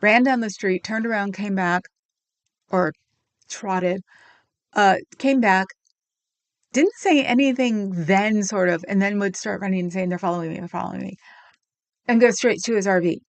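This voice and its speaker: A middle-aged woman hosts a livestream in a medium-pitched voice, speaking at a measured pace with frequent pauses. Casual and sarcastic, she recounts a video and reads comments aloud, often saying "um."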